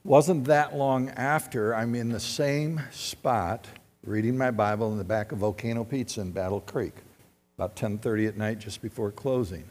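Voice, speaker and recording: A man preaching a sermon as pastor, swinging from loud exhortation to quiet personal storytelling. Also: fairly low pitch, normal speed. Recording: long reverb with faint music.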